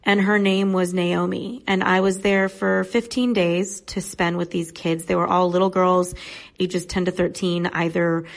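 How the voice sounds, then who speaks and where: Woman in her 30s on a podcast, low creaky voice, earnest storytelling. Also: level tone, a little slow. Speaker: podcast guest. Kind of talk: personal storytelling in a podcast conversation.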